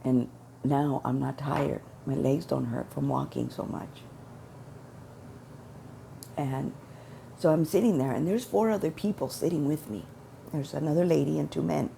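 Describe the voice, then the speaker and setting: Gravelly low-voiced woman giving testimony. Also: a little slow, long pauses, warm tone, a little hiss or hum. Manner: earnest, repetitive storytelling, quoting prayers. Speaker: testimony speaker. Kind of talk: personal religious testimony.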